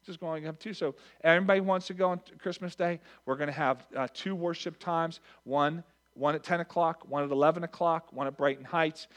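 A man with a somewhat high-pitched voice reads out church announcements to his congregation. He keeps it earnest and conversational, speaking straight to the people in front of him. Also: steady tone, a little fast. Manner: earnest and conversational, addressing the crowd directly. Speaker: pastor.

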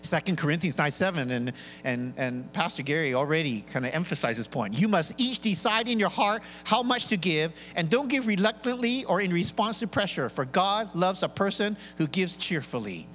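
A middle-aged man with a high, bright voice preaches to his congregation, lively and joking. He slips in and out of playful voices as he acts out churchgoers. The sound carries the long reverb of a large church hall. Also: moderate pace, hardly any pauses. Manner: animated, acts out congregation voices with big pitch swings. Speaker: pastor. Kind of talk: sermon. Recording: live church hall reverb, faint hum.

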